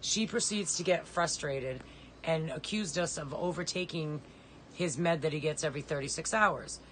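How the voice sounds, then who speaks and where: A woman's voice: low voice, normal speed, a little hiss or hum, poor audio. Urgent, pleading middle-aged woman. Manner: urgent, pleading, plain-spoken. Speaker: mother of a disabled son. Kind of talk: personal appeal video.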